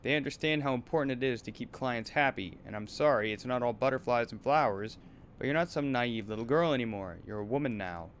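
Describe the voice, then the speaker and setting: A man's voice: mid-range voice, a little fast, lightly acted. Guy voicing a nasty manager type from a game, berating, menacing, bit of background hum. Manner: berating, menacing, then wheedling. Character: abusive middle-aged male talent manager, bullying.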